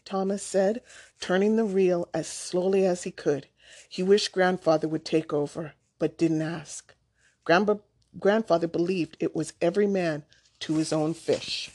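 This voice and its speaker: Calm woman storybook narrator, very slow, deliberate delivery. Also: on the low side. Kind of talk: storybook read-aloud.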